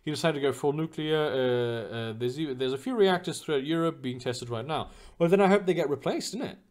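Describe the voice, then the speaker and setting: A man's voice: on the high side, fairly quick, a little mellow. A young man chatting casually on a livestream, answering viewers' questions and rambling with lots of fillers, restarts and swearing. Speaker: streamer answering chat.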